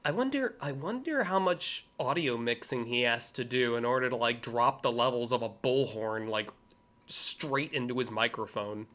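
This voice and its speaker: A man's voice: medium pitch, normal speed, sharp tone. An American man hosting a livestream, reacting to clips with sarcastic, rambling commentary and profane asides. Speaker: livestream host reacting to videos. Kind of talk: casual commentary.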